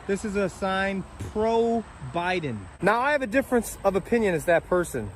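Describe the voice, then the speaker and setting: A man's voice: high-pitched, sing-song, normal speed, hardly any pauses, slight background noise. A man in his forties telling a story in a heated, blunt, profane monologue. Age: 40s.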